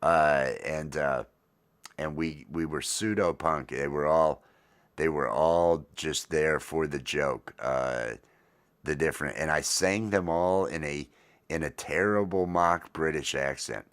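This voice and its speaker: A man's voice: rumbling low, takes it slowly, fairly bright tone, smooth. A middle-aged man hosting a casual morning coffee livestream, rambling and self-deprecating with lots of fillers. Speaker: livestream host.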